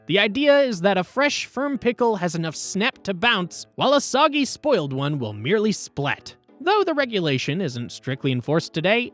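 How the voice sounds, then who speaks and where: A woman narrating a scripted explainer in a playful, upbeat storytelling way, with wry asides. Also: medium pitch.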